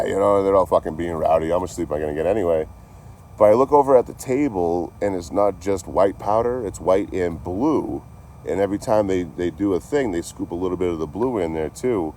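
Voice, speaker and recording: A man's voice: deep voice, brisk, a little mellow, slight background noise. A man telling a long story to his live chat in a rambling, laid-back way, swearing constantly and thanking viewers along the way. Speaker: livestreamer telling stories.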